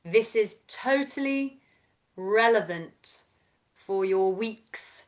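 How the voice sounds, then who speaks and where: Woman, thirties, vocal coach, slow and gentle, encouraging, on a video call. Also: mid-range voice, lively intonation. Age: 30s. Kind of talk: guided voice and breath workshop.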